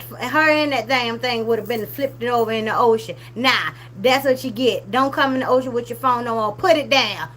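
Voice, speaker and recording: A woman hosting a commentary channel, talking casually and animatedly, scolding the people she talks about. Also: a little high. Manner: animated, scolding, drops to a hushed whisper at times.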